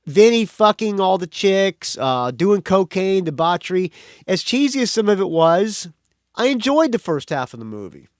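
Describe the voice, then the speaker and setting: Guy hosting a podcast, ranting about a movie, swears a lot, voice jumps all over, kinda high. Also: very animated, normal speed, no echo, clean studio sound. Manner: blunt and profane, with frequent restarts. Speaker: podcast host. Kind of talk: casual movie review monologue.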